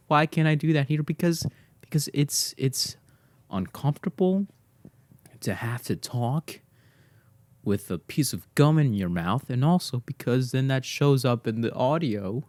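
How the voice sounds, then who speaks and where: A man runs his own podcast out of his garage, talking casually on his own in a rambling, self-mocking monologue via a desk mic plugged into his computer. His voice is mid-range with a darkish tone, and there's no room sound.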